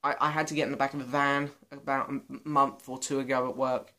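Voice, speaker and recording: A man's voice: mid-range voice, little pitch movement, fast talker, pushed and bright. A young British man answering viewer questions in a casual, self-mocking vlog. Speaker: vlogger. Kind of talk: casual Q and A chat.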